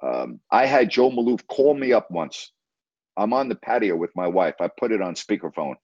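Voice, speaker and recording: A man's voice: on the low side, sing-song, normal speed, darkish tone, no room sound, lo-fi sound. A middle-aged man, a sports radio host, telling a story in an interview in a blunt, emphatic way with salty language.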